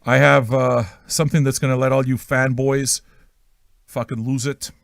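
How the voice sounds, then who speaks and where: A man's voice: medium pitch, level tone, moderate pace, vocal fry, no room sound. Guy hosting a pirate radio stream, swears a lot, goofs around, dry close sound. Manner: joking, self-mocking, crude. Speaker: online radio host. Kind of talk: profane, rambling livestream banter.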